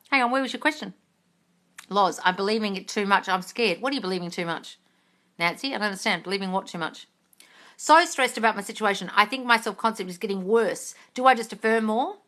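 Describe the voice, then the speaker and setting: A woman hosting a live manifesting Q&A over a phone, answering viewer comments bluntly, swearing freely and calling people darling. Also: a little fast. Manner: animated, swinging between loud emphasis and low asides.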